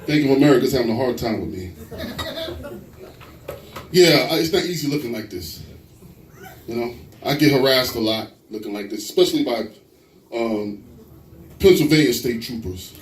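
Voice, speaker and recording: Animated male stand-up comic, echoey venue. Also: medium pitch, normal speed, pauses often, a little hiss or hum. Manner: animated storytelling, frequent quoted voices. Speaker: stand-up comedian. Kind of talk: stand-up comedy set. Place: live comedy venue. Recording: echoey live venue, mic at a distance.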